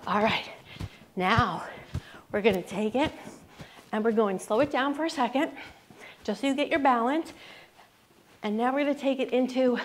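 A woman's voice: on the high side, normal speed, long pauses, slight background noise. A woman fitness instructor giving upbeat, encouraging cues and counting down reps while she bounces on a rebounder herself. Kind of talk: live workout coaching.

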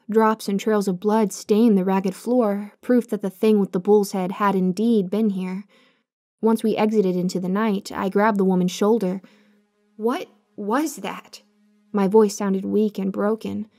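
A woman giving scripted horror story narration in a measured, hushed, suspenseful way. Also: mid-range voice, steady tone.

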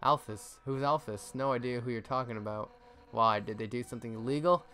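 A man reading as a tough-talking fish-monster policewoman from a video game, brash and loud. The voice stays close to his own, with soft game music behind. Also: mid-range voice, fairly quick, close to an everyday voice.

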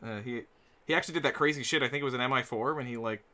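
A man's voice: medium pitch, rapid-fire, sharp tone. A man hosting a casual podcast chat, playful and teasing, laughing often. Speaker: podcast host.

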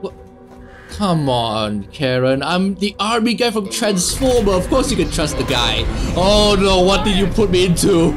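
High-voiced man screaming through a horror game. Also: sing-song, a little slow, over music. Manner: sarcastic, screams and swears at scares. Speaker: gaming YouTuber. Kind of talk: let's play commentary.

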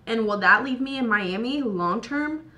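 Tipsy young woman, hoarse voice, super bright and loose, swearing while she does her makeup. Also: on the high side, animated, unhurried. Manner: loose, chatty and profane. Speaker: beauty vlogger. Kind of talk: tipsy casual chat while doing makeup.

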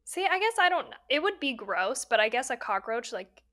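A woman's voice: a little high, normal speed. A young adult woman co-hosting a casual podcast, telling stories animatedly with frequent laughs and lots of "like". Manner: animated storyteller, laughs often, says "like" a lot. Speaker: podcast co-host. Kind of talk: casual chat.

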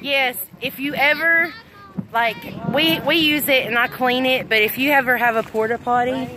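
Her voice high with fairly even intonation at normal speed, a middle-aged Southern woman from Arkansas hosts a livestream outdoors at a fireworks tent after a storm. Slightly out of breath, she chats casually and affectionately, reads comments aloud, and laughs a lot. Heavy background noise comes through the phone she holds at arm's length.

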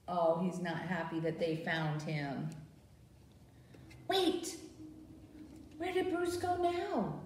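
Animated woman leading a baby storytime. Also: on the low side, very slow, pauses often, a little hiss or hum. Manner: animated, sing-song, asks babies questions. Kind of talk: baby storytime with rhymes and picture book. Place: library program room. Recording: roomy sound from a distance.

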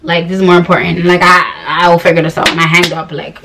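A woman's voice: fairly low pitch, little pitch movement, fast, creaky, a bit bright, poor audio. A young woman vlogger telling a story in a casual, slangy, rambling rant, exasperated and fed up.

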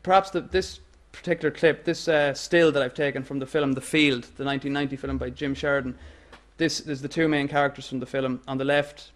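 A man with an Irish accent giving an academic lecture in a measured way, with fillers and restarts. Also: medium pitch, steady tone. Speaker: guest lecturer.

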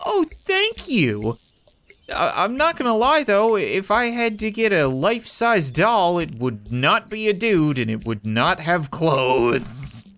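A man's voice: high-pitched, big pitch swings, slow, a bit bright. A man giving crude, joking commentary while playing video games. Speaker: gaming YouTuber. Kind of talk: comedic gameplay commentary.

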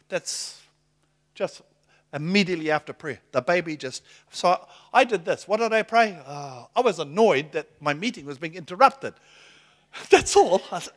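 A middle-aged man preaching a sermon, telling stories in a lively, excitable way and laughing between lines. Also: on the high side. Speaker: pastor. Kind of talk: sermon with storytelling.

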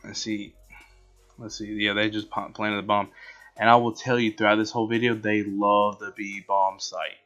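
A man casually commentating over his own gameplay footage, rambling, excitable and poking fun at himself. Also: fairly low pitch, normal speed. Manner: rambling, excitable, self-mocking. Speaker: gaming channel host. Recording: dull lo-fi with background music.

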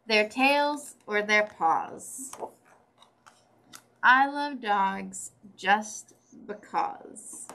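A woman reads a children's book aloud slowly, stopping to ask her young listeners questions. Her voice is bright and sits a little high. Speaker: librarian reading aloud. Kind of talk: picture-book read-aloud.

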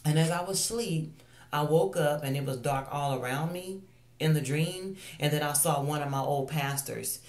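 A woman's voice: low-pitched, normal speed, darkish tone, roomy sound. A woman ministering online, telling a personal faith testimony in an earnest, confessional way, often repeating phrases.

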